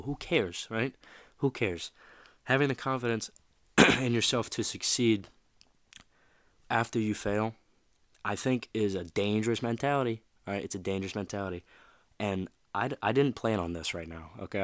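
A man's voice: on the low side, brisk, a bit bright, no echo. A man hosting a motivational podcast, talking casually and rambling, addressing the listener directly. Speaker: podcast host.

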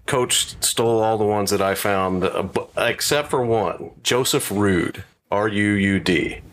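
A man's voice: on the low side, a little slow, slight background noise. A man co-hosting a podcast in casual chat, hesitant and musing. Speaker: podcast co-host.

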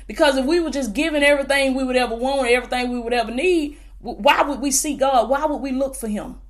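A woman's voice: high-pitched, fast. A woman preacher with a Southern US accent delivering a fervent prophetic sermon to camera, often calling her listeners "baby". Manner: fervent, calls listeners "baby", bursts of exclamation.

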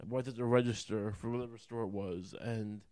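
A man's voice: fairly low pitch, fairly even intonation, a little fast, mellow, dry recording, clean studio sound. A man ranting alone as a podcast host, rambling and swearing often, heating up as he goes. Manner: profane, rambling, heated. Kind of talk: rambling solo rant.

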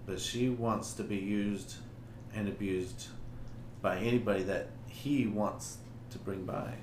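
A man with a fairly low voice chats and reads submissions aloud in a frank, joking way. His voice bounces around a roomy space with a faint hum underneath. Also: fairly even intonation, slow pace, a little mellow. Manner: frank, joking, laughs often. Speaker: podcast co-host. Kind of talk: casual chat, reading listener submissions.

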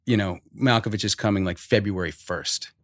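A man's voice: lowish voice, moderate pace, dry recording, clean studio sound. A man in his forties, a podcast guest, telling stories animatedly in casual chat and swearing freely. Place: podcast studio.

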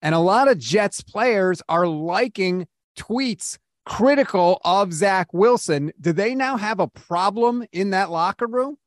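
A man hosting a sports talk show, asking punchy questions and adding his own animated takes. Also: sits high, slow, hardly any pauses, no echo, studio quality.

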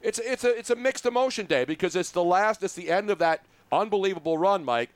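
An animated man hosts sports talk radio, teasing his guest and rambling along. His voice sits a bit high, and the studio sound is close and dry. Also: brisk, clear, resonant tone, no echo. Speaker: radio host.

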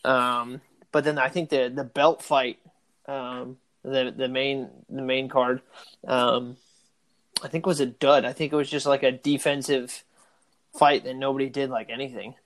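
A man's voice: mid-range voice, level tone, unhurried, fairly bright tone. A man co-hosting a podcast, chatting casually in an easygoing, hesitant way. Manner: easygoing, hesitant, many fillers. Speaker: podcast co-host.

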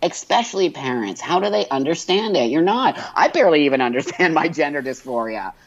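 Animated, emotional man telling his story. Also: fairly high pitch, fairly quick, dry recording, lo-fi sound. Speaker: interview guest. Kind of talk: candid conversational interview.

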